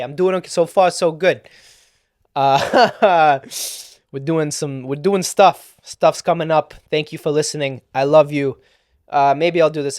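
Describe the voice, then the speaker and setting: A young man rants alone on a podcast, swearing and mocking in a put-on New York accent. His voice sits a little high and sounds dry and close. He laughs at his own bits as he goes. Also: no room sound. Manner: profane, sarcastic ranting with frequent laughs. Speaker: comedian. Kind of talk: solo podcast rant.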